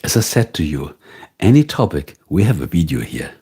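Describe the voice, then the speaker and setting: A man's voice: deep voice, big pitch swings, moderate pace, creaky, mellow, slightly rough. A man with a German accent, a native German speaker, chatting casually with viewers as a livestream host and answering their questions.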